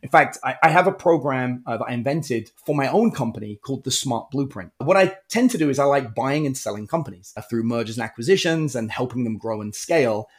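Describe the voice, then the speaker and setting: A man's voice: medium pitch, a little fast, hardly any pauses. A middle-aged man, a guest entrepreneur, telling stories in a casual interview and acting out the people he quotes. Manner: animated storyteller, acts out quotes.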